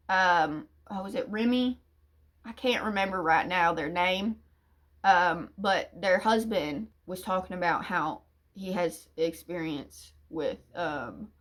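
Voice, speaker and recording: A woman hosting her own channel, speaking in an earnest, halting way and searching for her words. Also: lowish voice. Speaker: channel host. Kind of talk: personal talk to camera.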